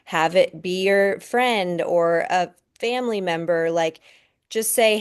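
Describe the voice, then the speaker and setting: Woman running a team video call, upbeat and coaching, smooth clear voice. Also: fairly low pitch, slow pace.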